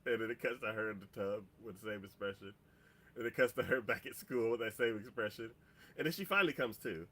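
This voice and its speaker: Rambling man with a bright voice. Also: fairly low pitch, fast. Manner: rambling, heavy on "like" and "um". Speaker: podcast co-host. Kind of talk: casual chat, recapping an episode.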